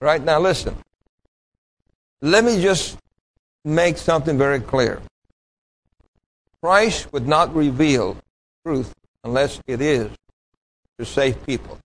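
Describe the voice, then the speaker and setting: A man's voice: on the high side, slow, long pauses, poor audio. A man preaching a sermon with an emphatic, pointed delivery, asking the congregation questions and answering them himself. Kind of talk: sermon with call-and-response.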